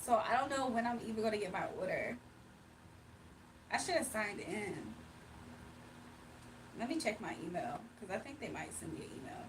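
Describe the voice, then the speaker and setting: A woman's voice: mid-range voice, animated, moderate pace, pauses often, recorded from a distance, background noise. A woman from Virginia hosting a casual livestream, chatting loosely and reading out viewer comments. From Virginia, USA. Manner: chatty, laughs often, reads chat aloud. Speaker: livestream host.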